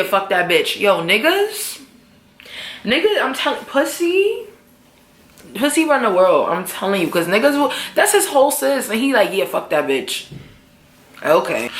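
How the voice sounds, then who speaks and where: A young woman vlogger recapping a TV episode in casual chat, animated and profane, acting out the characters' lines. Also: on the high side, echoey room.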